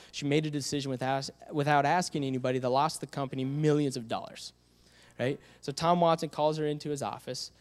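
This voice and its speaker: A young man giving an energetic motivational talk on a conference stage, emphatic and questioning the audience. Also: fairly high pitch. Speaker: conference speaker. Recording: long hall reverb.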